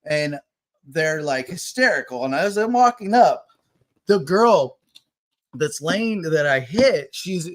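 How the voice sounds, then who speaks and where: A man hosting a casual podcast, telling a story in a rambling, self-mocking way and loudly acting out what others said. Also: fairly high pitch, animated, takes it slowly. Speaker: podcast host.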